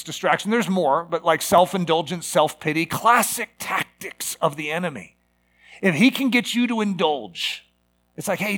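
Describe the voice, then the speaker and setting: A middle-aged man preaching a sermon, animated and given to acting out voices with sudden loud outbursts. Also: high voice, gravelly. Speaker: pastor.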